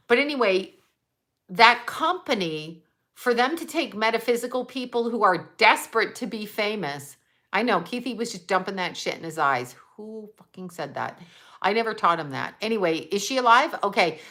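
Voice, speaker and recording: A woman's voice: medium pitch, a bit bright. A middle-aged woman hosting a casual livestream, rambling and laughing as she reads comments. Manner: rambling, laughing, chatty asides. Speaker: livestream host.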